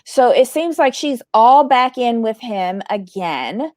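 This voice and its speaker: Animated woman host, dry close sound. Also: on the high side, slow, no room sound. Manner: animated, blunt, swears, acts out quotes. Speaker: commentary show host. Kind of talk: casual reality TV commentary.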